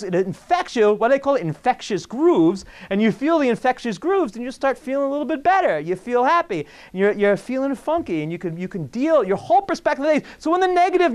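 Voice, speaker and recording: A man, a rabbi, giving a jokey, animated talk to an audience, acting out little scenes and asking the room questions. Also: very high-pitched. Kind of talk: lively lecture to an audience.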